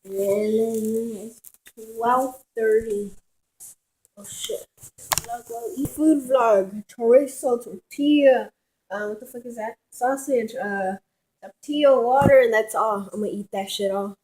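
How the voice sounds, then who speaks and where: A woman's voice: fairly high pitch, slow pace, darkish tone, rough recording. A woman vlogging casually at home in her kitchen, rambling, swearing and giggling as she talks.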